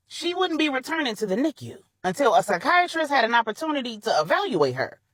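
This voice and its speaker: A woman narrating a grown-up bedtime story in a colloquial, animated way. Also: on the high side, slightly rough, no room sound, poor audio.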